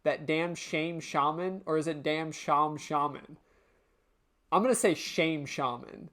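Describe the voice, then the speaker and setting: A woman's voice: low-pitched, slow, fairly bright tone. A woman streamer doing let's play commentary, rambling and swearing at her own slips.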